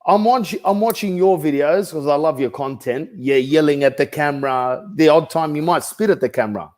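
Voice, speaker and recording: Deadpan Australian man, fairly high voice. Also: moderate pace. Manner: deadpan, rambling, mock-serious. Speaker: comedic real estate agent character. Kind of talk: deadpan comedic interview.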